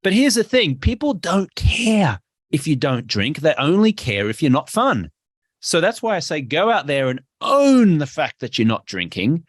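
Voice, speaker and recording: An Australian man talks as a podcast guest, with a lively pitch that leaps up and drops down as he presses his points. He slips into short acted exchanges to show what he means. The recording is dry and close. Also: moderate pace, no room sound. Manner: emphatic and animated, acts out little dialogues. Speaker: podcast guest, health coach. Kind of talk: energetic interview talk.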